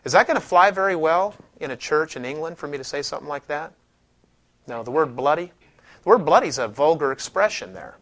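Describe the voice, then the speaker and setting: A man's voice: a little high, fairly quick. A man teaching a scripture class in a casual, conversational way, stopping to restart sentences and leaning hard on points he wants to stress. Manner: conversational, with frequent restarts and lively emphasis. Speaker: Bible teacher. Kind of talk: classroom lecture with scripture reading.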